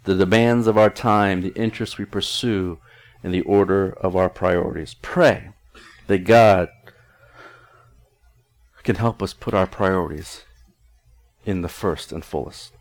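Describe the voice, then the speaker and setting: A man's voice: sits low, measured pace, pauses often. A middle-aged male pastor preaching a conversational sermon in an earnest tone, often restarting his sentences.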